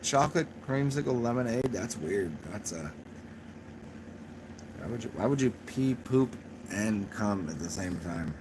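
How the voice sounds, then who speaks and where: Against a noisy background, a young man with a lowish voice speaks expressively and a little slowly. He hosts a casual livestream, answering his live chat in a rambling, profane way while a bit drunk and laughing at his own jokes.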